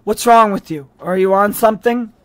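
An audiobook reader voicing a gruff, suspicious male police sergeant who growls his questions. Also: mid-range voice, normal speed, natural voice.

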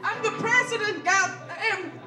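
A man's voice: extremely high pitch, unhurried. A man playing a frail, rambling old president who halts and trails off in a comedy sketch. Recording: echoey room, far from mic, music behind.

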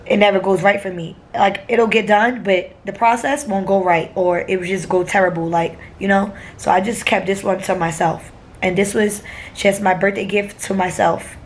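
A woman's voice: mid-range voice, steady tone, normal speed, a little hiss or hum. A young woman from New York vlogging casually from an airport and a hotel room, blunt and profane, speaking into a phone at arm's length. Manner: blunt and profane, tearful at times. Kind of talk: casual vlog.

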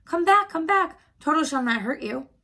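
A woman reading the part of a kind, polite male tin woodsman in a courteous, gentle way. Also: medium pitch, expressive, moderate pace, creaky, breathy edge, full character voice. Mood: reassuring.

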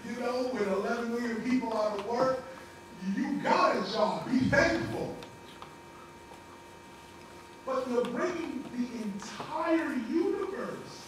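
A man giving a spiritual lecture, preachy and animated, with slangy street talk. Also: very high voice, very echoey, far from the mic, noisy background. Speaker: spiritual teacher.

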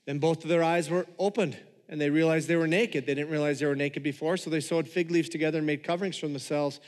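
A pastor delivering a sermon in a conversational manner, joking with the congregation. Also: male voice, fairly high pitch, steady tone, quick pace, darkish tone, in a large hall.

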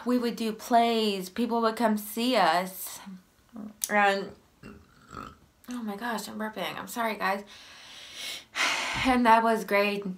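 Sniffly young woman telling her story. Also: mid-range voice. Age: young adult. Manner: emotional, sighing, voice rising and softening. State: sick with a runny nose; out of breath. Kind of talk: personal storytelling to camera.

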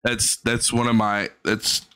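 A man's voice: fairly low pitch, flat delivery, slow, bright, forceful tone, smooth. A man giving casual, profane reaction commentary, mocking a clip and laughing often. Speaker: reaction streamer.

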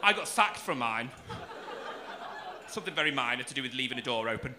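With a mid-range voice, lively intonation and a fairly quick pace, this male comedian in his 40s does a cheeky, camp stand-up set. He pokes fun at the audience and swears liberally, recorded in a noisy club with laughter in the background.

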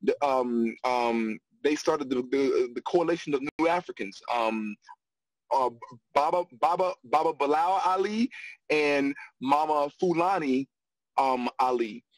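Animated man with a dry close sound. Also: medium pitch, measured pace, no room sound, low-quality recording. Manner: animated, laughs often, repeats phrases. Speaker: guest, actor and acting coach. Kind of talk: storytelling in a casual interview.

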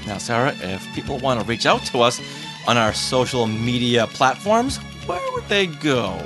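A man's voice: medium pitch, huge pitch swings, moderate pace, over music. A man co-hosting a podcast, chatting casually and playfully. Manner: playful, joking. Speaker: podcast co-host.

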